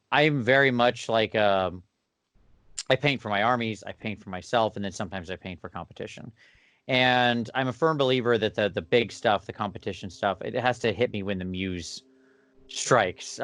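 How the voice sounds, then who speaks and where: A man talking as a guest on a casual interview podcast, thoughtful and measured. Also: fairly low pitch, a bit bright, clear, resonant tone, no echo. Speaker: podcast guest, miniature painter.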